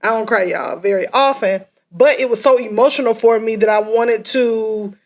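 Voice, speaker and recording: A woman co-hosting a relationship podcast, telling an emotional personal story in a halting, heartfelt way, close to tears. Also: on the high side. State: tearful. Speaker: podcast co-host.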